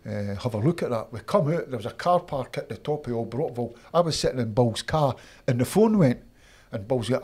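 An older man with a Scottish accent, telling animated stories from his football career as an interview guest. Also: medium pitch, fairly quick, slightly rough. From Scotland. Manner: animated anecdotes, acts out voices of others. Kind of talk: casual storytelling.

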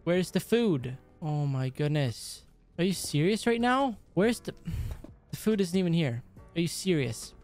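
A man hosting a let's play, talking through his game, swinging from frustrated yelling to quiet muttering. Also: on the high side, lively intonation, a little slow, faint music behind. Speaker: gaming channel host. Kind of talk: let's play gameplay commentary. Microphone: headset or desk mic.

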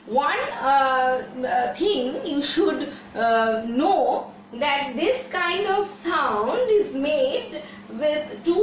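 A woman with an Indian English accent talks through a poem in a high, lively voice. She goes very slowly and deliberately, with frequent hesitations. The mic sits some way off in an echoey room with faint background noise. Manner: slow, deliberate, with frequent "uh" pauses. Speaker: English teacher. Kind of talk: explaining a poem line by line. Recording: roomy echo from a distance with faint noise.

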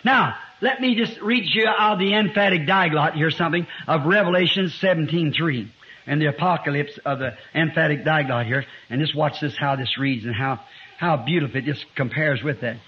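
A man in his fifties preaching a sermon to a congregation, climbing to loud emphatic lines and dropping to quiet asides. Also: on the high side, fairly quick. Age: 50s. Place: church before a congregation. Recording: muffled lo-fi 1960s sermon tape.

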